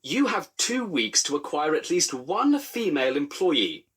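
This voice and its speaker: A man's voice: fairly high pitch, big pitch swings, a little slow, fairly bright tone, breathy edge, voice pushed up, exaggerated voice. A man voicing a pompous, officious male railway inspector in a fan-made storybook parody, speaking in a raised, spluttering voice.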